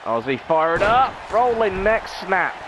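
Man, high voice, unhurried wrestling commentary, dramatic announcer tone, noticeable background noise. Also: sing-song, a crowd in the background. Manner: dramatic announcer delivery, rhetorical questions. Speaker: YouTube gaming channel host. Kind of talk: wrestling play-by-play commentary over a video game.

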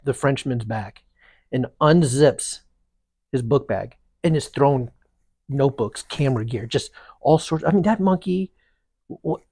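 Man, podcast co-host, animated rambling storyteller, mid-pitched, dry close sound. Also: a little slow, long pauses, slightly rough, no echo. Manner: animated, rambling, restarts often. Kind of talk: casual storytelling chat.

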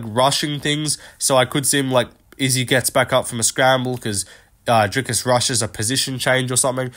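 With a mid-range, fairly bright voice, this young MMA predictions host talks off the cuff about his fight picks, wandering along with lots of filler words and offhand cursing.

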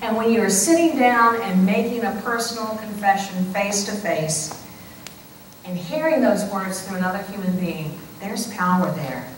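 A woman priest preaching a sermon, slow and deliberate with playful conversational asides. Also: mid-range voice, lively intonation, slight background noise. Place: church sanctuary. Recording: echoey church heard from a distance.

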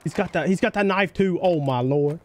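A man's voice: on the high side, a little fast, a little hiss or hum. A young man from North Carolina with a Southern twang, streaming a shooter game live and chatting with his viewers. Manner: excitable, chatty, reacts loudly to the game. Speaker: livestream gamer.

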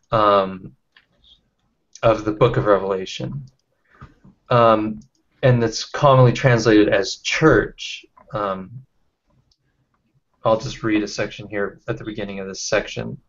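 Halting man leading a video-call book discussion. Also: fairly low pitch, fairly even intonation, gravelly, a bit bright, dull audio. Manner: halting, many fillers and restarts. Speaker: discussion leader. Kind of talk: casual online book discussion. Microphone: webcam or computer mic on a video call.

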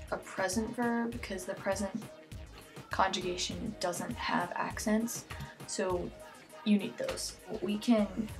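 A woman's voice: mid-range voice, creaky, a little mellow. Teen girl doing a homemade spanish lesson right into her computer mic, chatty and goofy, keeps getting sidetracked, faint music behind. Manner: chatty, jokey, easily sidetracked. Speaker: amateur Spanish tutor. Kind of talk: casual homemade video lesson. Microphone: computer webcam mic close up.

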